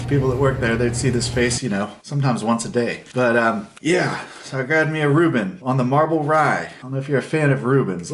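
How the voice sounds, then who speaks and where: A man from the United States chats casually as the host of a food vlog. His voice sits in an ordinary middle pitch. He rambles in a laid-back way and swears offhandedly. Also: a little hiss or hum.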